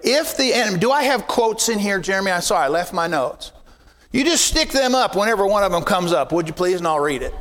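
A man's voice: sits high, animated, quick pace, a bit bright, big-room sound. A man preaching as pastor, emphatic, repeating key phrases and reading scripture aloud. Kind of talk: sermon. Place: church sanctuary.

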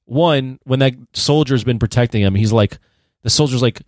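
A man in relaxed, profane movie chat who keeps laughing and slips into voices to act out film scenes. His voice sits at an ordinary pitch and is recorded dry and close. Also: normal speed, no echo. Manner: laughing, acts out movie quotes, swears casually. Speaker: podcast co-host.

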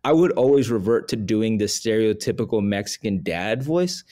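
A man's voice: fairly low pitch, animated, normal speed, dark tone. A man hosting a podcast in casual interview, stammering into questions and laughing easily. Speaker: podcast host.

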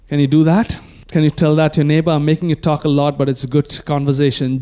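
A man's voice: fairly high pitch, lively intonation, normal speed, a little mellow, smooth. A man preaching a sermon as pastor, emphatic and calling the congregation to repeat phrases after him.

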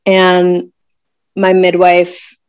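Low, dry-voiced woman telling a raw personal story. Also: monotone, darkish tone, clean tone, no room sound. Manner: emotional, searching, many pauses and fillers. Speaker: guest telling a birth story.

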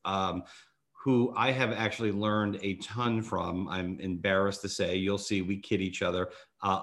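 Brief: man, podcast host, lower pitch, easygoing and jokey, lots of ums. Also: a bit bright. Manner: jokey, many fillers and restarts. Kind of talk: casual interview chat.

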